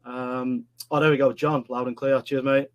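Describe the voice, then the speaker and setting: A man's voice: mid-range voice, little pitch movement, normal speed, lo-fi sound. A man with a Yorkshire accent co-hosting a live webinar, chatting casually and joking with viewers, calling everyone "mate". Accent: Yorkshire English. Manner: chatty, jokey, says "mate" a lot. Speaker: webinar co-host. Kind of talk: casual live-stream chat.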